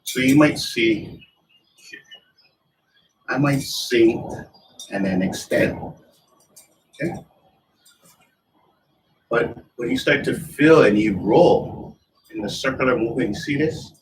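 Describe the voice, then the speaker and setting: A man's voice: medium pitch, slow, long pauses. A man teaching a tai chi lesson, talking in loose, broken phrases as he demonstrates the moves. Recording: distant mic with faint background noise.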